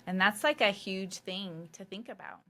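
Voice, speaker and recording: A woman's voice: medium pitch, normal speed, a bit bright. A woman hosting a faith podcast, talking casually and loosely, with frequent fillers and mild swearing. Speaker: podcast host.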